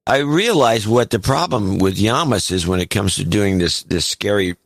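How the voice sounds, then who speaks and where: Low-voiced wry podcast co-host. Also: male voice, animated, normal speed, creaky, dry recording. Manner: wry, mocking commentary. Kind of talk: casual chat.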